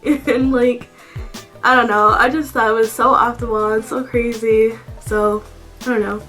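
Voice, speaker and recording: A young woman telling a storytime vlog as a casual rant, animated and full of swearing and "like" fillers. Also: on the high side, normal speed, faint music behind, low-quality recording. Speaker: vlogger. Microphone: camera mic.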